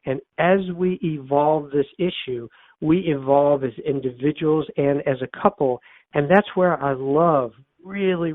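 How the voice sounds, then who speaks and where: This older man, an author and therapist, recounts a personal story during an interview with earnest repetition of key phrases. His voice runs on the high side, heard through a dry, tinny phone-line recording.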